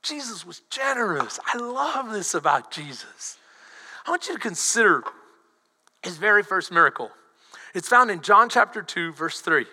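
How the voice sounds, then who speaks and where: Middle-aged male pastor, very high and sharp voice, animated sermon delivery, reverberant hall. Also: normal speed, breathy edge. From Texas. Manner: animated preaching, swings between loud emphasis and soft asides.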